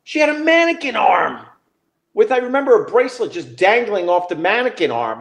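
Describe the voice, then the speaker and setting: A man's voice: high voice, very animated, a little fast, gravelly, a bit bright. A middle-aged man hosting a podcast, telling a story in a loose, profane way. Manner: loose and profane, with frequent restarts and laughter. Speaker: podcast host. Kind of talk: casual storytelling.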